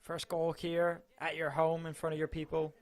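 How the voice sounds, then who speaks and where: A man's voice: fairly high pitch, completely flat delivery, normal speed. A man reporting for a club channel, giving chatty, enthusiastic live match coverage.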